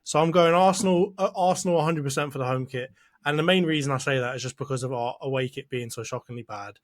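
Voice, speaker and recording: A man's voice: medium pitch, quick pace. A young man co-hosting a casual football podcast, teasing and mock-insulting his friend. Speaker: podcast co-host, Arsenal fan. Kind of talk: casual banter about football.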